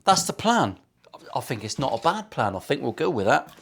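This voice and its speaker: A man's voice: mid-range voice, big pitch swings, normal speed, creaky, a bit bright, a little hiss or hum. A man, a luthier chatting casually and sarcastically while building a guitar in his workshop, swearing freely.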